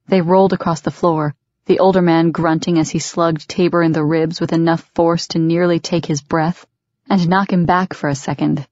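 A woman narrates a novel in a measured, even read. Her voice sits fairly low. The recording is dry and slightly dull. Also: no room sound. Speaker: audiobook narrator. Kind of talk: scripted audiobook narration.

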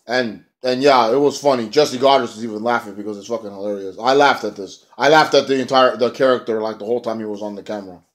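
A man giving a casual, rambling review of a wrestling show, excitable and profane. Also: mid-range voice, fast talker, few pauses.

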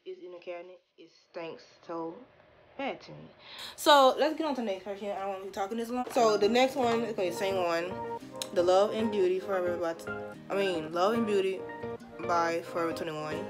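Casting: young woman vlogger at home, stiff jaw, flat delivery, soft music underneath. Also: medium pitch, fairly quick. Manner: talks stiffly with little mouth movement, sounds flat. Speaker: beauty vlogger. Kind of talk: casual product review chat.

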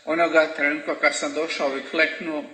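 A man with a bright, forceful voice speaks to a congregation in short phrases, pausing after each for an interpreter. His voice carries a long hall reverb. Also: on the high side, flat delivery. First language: Croatian. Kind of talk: talk in church, paused for interpreting. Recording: echoey hall, voice roomy.

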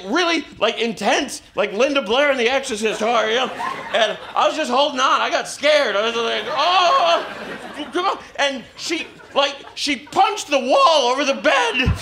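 A man doing a stand-up comedy set, telling stories in a halting, awkward way with deadpan self-mockery. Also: very high-pitched, noisy background. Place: comedy club stage with audience laughter.

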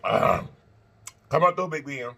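A man hosting an eating-show vlog, chatting to viewers between bites, animated and quick to laugh. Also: medium pitch, creaky, slightly rough. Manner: animated, talks straight to viewers, laughs and chants; talks while eating and blowing on hot food. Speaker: mukbang host.

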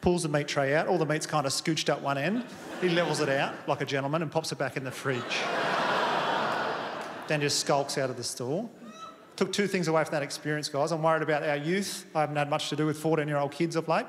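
A man with an Australian accent doing a stand-up comedy set in a big theatre, telling stories in a laconic, deadpan way with plenty of swearing. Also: a little high, fairly quick. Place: large theatre stage. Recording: long hall reverb, audience noise. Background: audience laughter.

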